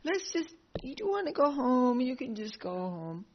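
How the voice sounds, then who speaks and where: A woman telling the tale puts on a tyrant king of legend who blusters and then whines, his voice rising high and wavering. The delivery stays slow. The recording sounds a little dull and lo-fi. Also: very animated, full character voice. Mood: whiny apologetic.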